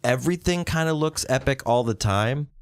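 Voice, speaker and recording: A man co-hosting a casual podcast. His pitch swings in a lively way as he jumps into exaggerated impressions, and he swears often. The sound is dry and close, with no room echo. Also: normal speed, smooth. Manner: animated, swearing, breaks into exaggerated quoted voices. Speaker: podcast co-host.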